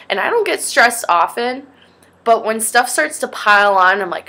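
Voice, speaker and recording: A woman's voice: medium pitch, lively intonation, normal speed, bright, forceful tone. A young woman vlogging in a rambling, chatty way, easily sidetracked. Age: young adult. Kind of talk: casual vlog chat.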